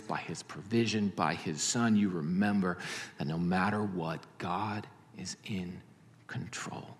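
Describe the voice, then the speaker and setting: A man preaching a sermon in an animated storytelling manner, swinging between loud and hushed. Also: lowish voice, big-room sound. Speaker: pastor.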